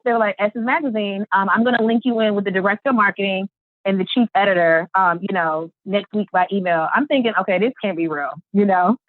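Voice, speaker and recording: A woman guest on a podcast, telling her story in an animated way and acting out the quotes. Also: medium pitch, no room sound. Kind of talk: storytelling interview. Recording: tinny phone-line sound.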